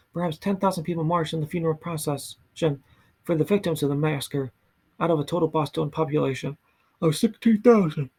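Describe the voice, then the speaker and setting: A man reading a history book aloud in a soft ASMR style, slow and halting, often stumbling and restarting words. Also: on the high side, vocal fry, husky. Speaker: ASMR reader.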